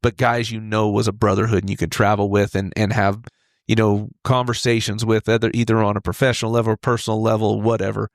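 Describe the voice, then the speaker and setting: A man in his forties, a podcast guest telling rodeo stories in a casual, animated way, laughing often and acting out the voices of the people in them. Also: on the low side, quick pace, dry recording, studio quality. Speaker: podcast guest, retired steer wrestler. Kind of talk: casual storytelling.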